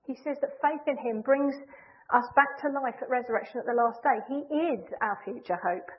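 A woman delivers a sermon in a fairly high voice. She speaks in an earnest, measured way and presses hard on the key phrases. The sound comes through thin and tinny, like a phone line. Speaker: preacher.

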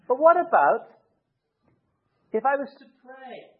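A man's voice: very high-pitched, sing-song, slow pace. A man preaching a conversational sermon from the pulpit, explaining his points with everyday hypothetical scenarios. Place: church. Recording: tinny narrow-band sound.

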